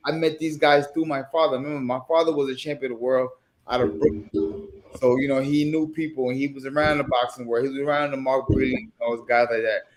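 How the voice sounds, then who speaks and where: A man's voice: mid-range voice, little pitch movement, quick pace. A man, a former boxing champion, talking in a laid-back, reflective way as a guest on a casual podcast interview. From New York.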